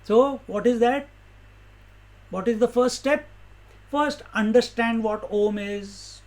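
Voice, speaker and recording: A man teaches scripture in a relaxed discourse. His voice sits high, and he takes his time, pausing and posing questions to his listeners before answering them. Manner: slow, unhurried teaching with rhetorical questions and soft laughs. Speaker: spiritual teacher.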